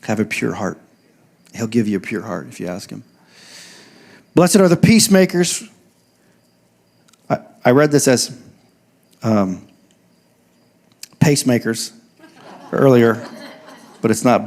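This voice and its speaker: A male pastor giving a sermon, reading scripture slowly and telling joking, conversational stories to his church. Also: on the low side. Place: church service.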